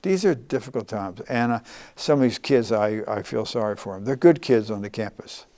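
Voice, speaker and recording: Older man, earnest interviewee, halting delivery with frequent restarts. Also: on the low side, warm tone. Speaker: former congressman, guest.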